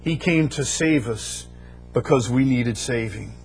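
A man's voice: medium pitch, a little slow, gravelly, darkish tone, soft background music. A man preaching a sermon, building emphasis through repeated phrases and rising bursts. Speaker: pastor.

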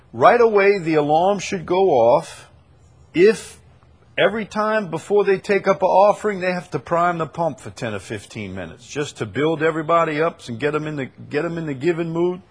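A man's voice: fairly high pitch, animated, normal speed, breathy edge. Emphatic man preaching a talk show. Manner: emphatic, repeats key points. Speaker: host.

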